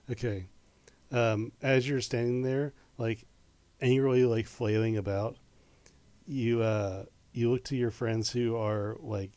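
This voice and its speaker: A man with a low-leaning, mellow voice runs a tabletop game, narrating in fits and starts full of fillers and restarts. The recording is dry.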